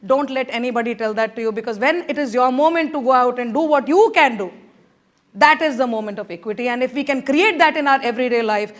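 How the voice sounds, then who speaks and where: Woman speaker with a high voice, telling a lively anecdote at a conference. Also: quick pace. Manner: animated, acts out quoted voices, laughs while telling. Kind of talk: motivational storytelling talk. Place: conference hall stage.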